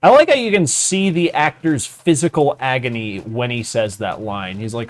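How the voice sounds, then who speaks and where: A man's voice: moderate pace, hardly any pauses. A man in casual gaming-stream chat with a friend, rambling, swearing and laughing often between sentences. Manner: animated, jumps up and down in pitch.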